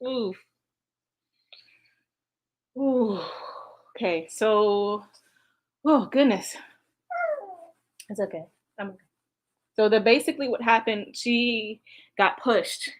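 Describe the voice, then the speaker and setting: A woman's voice: a little high, takes it slowly, long pauses. A woman vlogger talking straight to her viewers in a casual recap, emotional and sighing often. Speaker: vlogger recounting past events. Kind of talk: casual reaction commentary.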